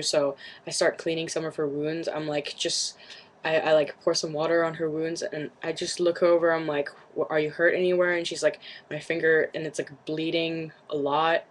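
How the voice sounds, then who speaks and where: A woman's voice: sits low, low-quality recording. A young woman vlogger whose first language is Cantonese, retelling something to camera in casual chat, rambling and shaken, with many fillers and restarts.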